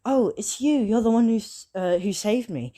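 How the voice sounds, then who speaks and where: A woman voicing an eager young schoolgirl in a retold fan story, her voice lifted and excited. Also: fairly high pitch, normal speed, pitched above the performer's own voice, lightly acted. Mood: surprised.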